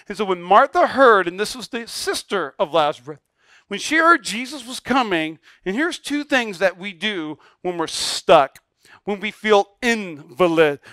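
A man in his thirties, a pastor delivering an energetic sermon, swinging from quiet lines to loud repeated exhortations. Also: high voice, clean tone, no echo, studio quality. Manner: swings from quiet to shouted emphasis, repetitive exhortation.

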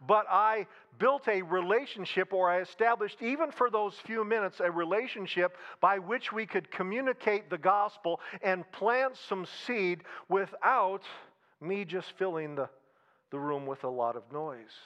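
A man's voice: high-pitched, measured pace, sharp tone, muffled recording. A man preaching a sermon in a conversational style, repeating phrases and slipping in humor. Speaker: pastor.

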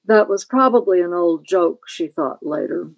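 A woman novelist from Kentucky, a guest reading slowly and deliberately from her own book. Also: fairly low pitch, lively intonation, gravelly, no echo, low-quality recording.

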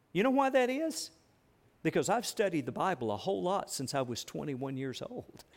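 A middle-aged man preaching a sermon in a church, asking his listeners rhetorical questions. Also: high-pitched. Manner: asks the audience rhetorical questions. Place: church building.

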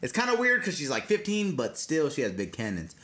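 A man's voice: a little high, huge pitch swings, fairly quick, pushed and bright. A man co-hosting a casual podcast, telling rambling stories with crude, joking humor. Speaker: podcast co-host.

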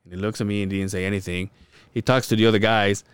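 A man's voice: lowish voice, flat delivery, fast talker, clean tone, dry recording. A man co-hosting a podcast, telling a story in casual chat, acting out what people said, swearing and laughing often. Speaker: podcast co-host.

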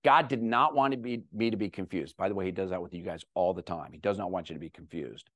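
A middle-aged man giving a talk to an audience, telling a personal story with animated, self-deprecating humor. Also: sits low, fast talker, no echo, clean studio sound. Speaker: guest speaker.

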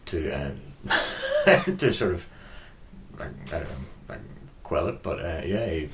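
A man on a podcast, telling an anecdote in a lively, chatty way full of fillers. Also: rumbling low, slow pace, a little hiss or hum. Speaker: podcast co-host. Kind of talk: casual chat.

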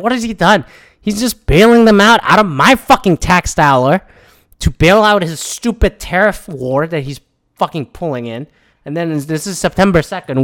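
A man with a slightly high voice rants in a casual, frustrated way, swearing constantly and stumbling over restarts. The sound is dry and close. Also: dry recording. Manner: profane, frustrated, rambling with restarts. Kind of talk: casual rant.

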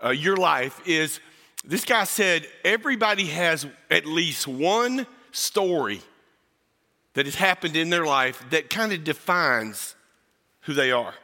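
A guest pastor from South Texas preaches a storytelling sermon in a church sanctuary, sharing a personal story in a folksy way and joking with the congregation. His fairly high voice is animated, bright and forceful, slow-paced, and it carries a big-room sound.

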